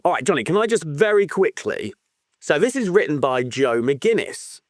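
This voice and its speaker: Animated, excitable male podcast co-host. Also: on the high side, normal speed, no echo, clean studio sound. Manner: animated and excitable, swears freely, laughs often. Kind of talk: casual book-club chat.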